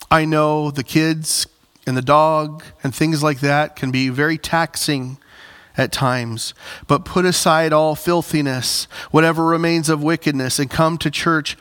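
Male pastor; bright, slightly high voice; emphatic, congregation-facing sermon delivery. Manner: preaches with rising emphatic bursts, direct address to congregation.

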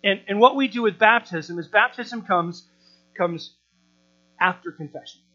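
A pastor in his thirties preaches a sermon in a bright, forceful voice that sits high, unhurried yet animated, packed with rhetorical questions and repeated words. The recording is dull and lo-fi, with a mains hum beneath it.

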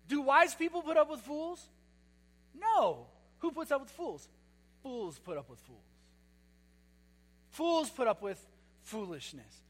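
A man's voice: high-pitched, a bit bright. A man preaching a sermon as pastor, emphatic and repetitive, with sarcastic asides. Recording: long hall reverb with mains hum.

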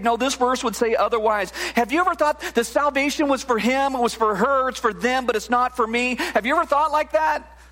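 A man preaching a sermon as a pastor, in an animated, conversational way with frequent restarts and "right?" asides. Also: extremely high pitch.

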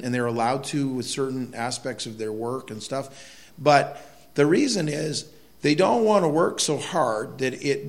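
A middle-aged man preaching a sermon in a conversational way, telling folksy stories with asides to the congregation. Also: mid-range voice. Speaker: pastor.

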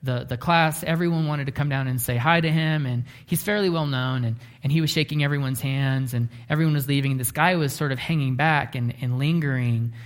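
Guy preaching a sermon, earnest storyteller, middle pitch, goes quiet and slow on the big moments. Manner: earnest, often slows down and drops to a hush for emphasis. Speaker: pastor.

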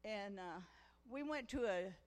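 A guest preacher from Missouri, she shares her testimony at a women's conference in a church hall with noticeable echo. She speaks a little slowly, medium in pitch with lively intonation, her folksy tales growing into fervent preaching.

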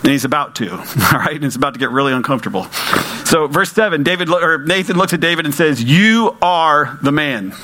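Poor audio captures a man with a fairly high pitch and a sharp tone who talks fast. As pastor, he delivers a conversational sermon to his congregation, asking rhetorical questions and repeating points for emphasis.

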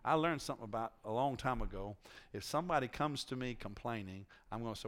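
A man's voice: medium pitch, fast, fairly bright tone. A male preacher giving a conversational sermon in a church, teasing his congregation and asking them questions.

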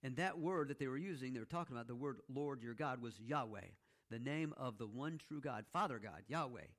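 Man preaching a chatty, animated sermon. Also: mid-range voice, brisk. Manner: conversational teaching with frequent "okay?" check-ins; animated storytelling with playful asides. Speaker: pastor.

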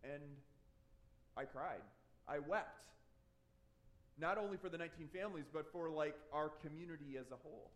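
A man's voice: a little high, moderate pace, pauses often. A man preaching a sermon, earnest and conversational, often restarting his phrases. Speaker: pastor.

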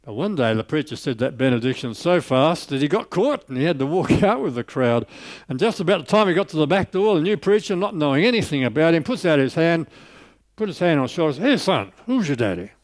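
A man preaching a sermon, telling a story and lifting his voice on scripture before dropping soft on key lines. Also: on the high side, animated, quick pace, no echo.

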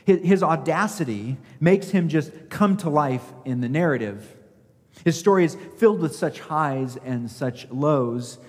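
A man's voice: on the high side, expressive, a little slow, in a large hall. A man preaching a sermon as pastor, emphatic, asking his listeners rhetorical questions and acting out scripture quotes.

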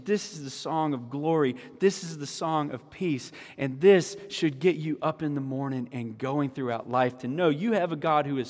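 Man preaching in a reverberant sanctuary. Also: fairly high pitch. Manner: swings from hushed teaching to rising, fervent proclamation. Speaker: pastor. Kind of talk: sermon.

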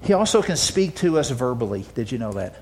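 A man's voice: medium pitch, very animated, brisk. Emphatic preacher man. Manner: swings from loud emphatic declarations to soft hushed asides; repeats words and restarts phrases. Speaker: pastor. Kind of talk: sermon.

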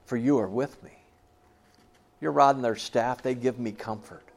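A man acting out a shy teenage boy who reads aloud through tears in a quaking, hushed voice. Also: mid-range voice, moderate pace, vocal fry. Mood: tearful hush. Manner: quaking, hushed, barely audible.

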